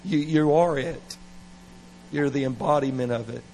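A middle-aged man preaching at a revival service, animated and playful, with laughing asides. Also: mid-range voice, moderate pace, a little hiss or hum, poor audio. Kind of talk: revival sermon.

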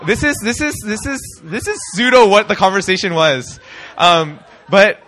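Bright-voiced young man preaching. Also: high-pitched, moderate pace. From United States. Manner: animated, rhetorical questions to the congregation. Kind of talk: sermon.

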